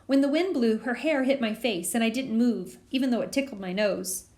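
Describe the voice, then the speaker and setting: Audiobook reader: a woman with a fairly high voice, steady storytelling. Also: moderate pace. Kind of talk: audiobook reading of a children's novel.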